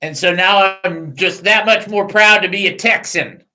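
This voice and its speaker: A middle-aged man hosting a casual talk radio show, joking and rambling in a self-mocking way and reading out phone numbers slowly. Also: high voice, sharp tone, slight background noise, rough recording.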